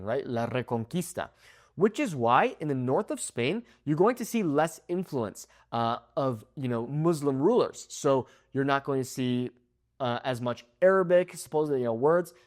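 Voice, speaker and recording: A man's voice: fairly high pitch, very animated, moderate pace. A young man teaching Spanish pronunciation, explaining and modeling words, checking in with frequent "okay?" prompts. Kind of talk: pronunciation lesson.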